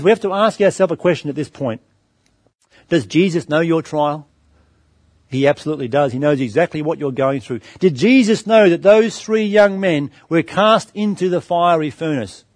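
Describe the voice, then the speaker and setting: A middle-aged man preaching a sermon in a high voice, recorded close and dry. He calls his listeners friends, asks them questions and answers them himself, and tells stories from his own life. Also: moderate pace, a little mellow, no echo. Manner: storytelling anecdote with varied pace.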